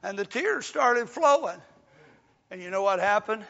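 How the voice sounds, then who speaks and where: An older preacher with a very high, gravelly voice that has a bright, sharp edge. He preaches in a folksy way, swelling into shouts and falling back to a soft hush. He is heard on a dull, lo-fi recording with long reverb from the hall. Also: lively intonation, unhurried. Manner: folksy, rising to shouts then dropping soft. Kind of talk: sermon.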